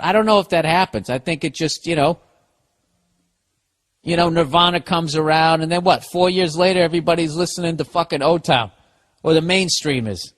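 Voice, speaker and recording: A man's voice: fairly high pitch, fairly bright tone. A middle-aged man hosting a podcast, ranting alone in a sarcastic, profane, casual way. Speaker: podcast host.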